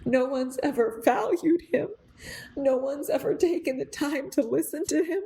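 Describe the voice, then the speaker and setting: A woman's voice: high voice, moderate pace, mellow. A young adult woman hosting a podcast, telling a story in an earnest, rambling way full of fillers and restarts. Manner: gets emotional, close to tears. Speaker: podcast host. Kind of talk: reflective storytelling monologue.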